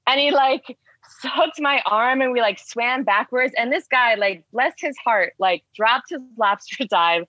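A woman's voice: a little high, a little slow, dry recording. A woman casually telling a diving story, rambling with lots of "like" fillers and acting out what was said. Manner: rambling with many "like" fillers, animated retelling. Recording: dull dry lo-fi sound.

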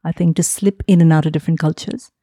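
A woman's voice: low-pitched, steady tone, quick pace, warm tone, no echo, studio quality. A British woman hosting a podcast, reflective and appreciative as she interviews her guest and closes the episode. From Britain. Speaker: podcast host.

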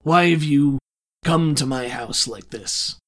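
A man voicing a cruel, weary male crime boss in a tabletop game, bored and dismissive with a quiet menace. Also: mid-range voice, takes it slowly.

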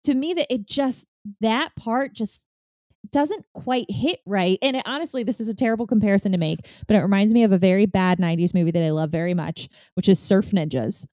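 A woman's voice: medium pitch, brisk, warm tone, no room sound, studio quality. A woman in casual film discussion, talking candidly and animatedly with frequent fillers and some swearing.

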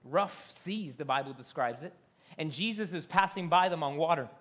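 A man's voice: on the high side, moderate pace, a bit bright. A man preaching a fervent sermon, repeating phrases and dropping to whispers for emphasis. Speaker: pastor.

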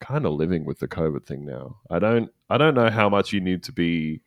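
A man hosting a comedy podcast, reading news aloud with deadpan jokes. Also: sits low, fairly quick, dry recording, studio quality. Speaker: podcast host.

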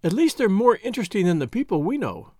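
A man's voice: sits high, very animated, fast, warm tone, no room sound, clean studio sound, pitched above the performer's own voice. A man voicing a charming, genial young woman in an audiobook. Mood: gently charming.

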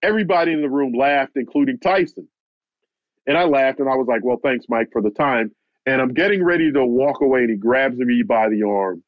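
A man, a boxing reporter, telling a long anecdote in a lively way and repeating "he said" as he retells it. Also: mid-range voice, fairly quick, no room sound. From United States. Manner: animated, keeps repeating "he said" while retelling. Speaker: boxing reporter, interview guest. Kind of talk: storytelling anecdote. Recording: muffled lo-fi, dry audio.

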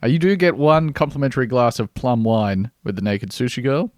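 A man hosting a casual podcast chat, reading items off a list in a wry, deadpan way. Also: mid-range voice, fairly quick, dry recording, studio quality. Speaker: podcast host.

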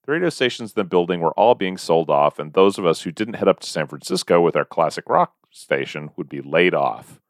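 A man with a fairly low, slightly hoarse voice hosts a podcast, reading listener mail in a playful, jokey way. His pitch swings widely as he reads. The sound is dry and close. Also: lively intonation, fairly quick, dry recording. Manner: playful, jokey delivery with sudden loud bits. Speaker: podcast co-host.

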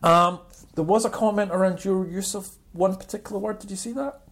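A man cohosting a casual banter podcast, animated and quick to laugh, hopping between topics. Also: sits high. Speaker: podcast co-host.

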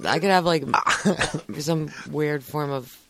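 A woman's voice: sits low, slow pace, a little hiss or hum. A woman co-hosting a podcast, talking in blunt, profane casual chat. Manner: blunt, profane, half-laughing.

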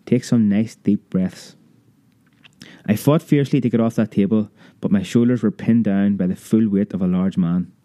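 A man narrating a memoir audiobook in a measured, vivid storytelling manner. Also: fairly low pitch, dark tone, no room sound.

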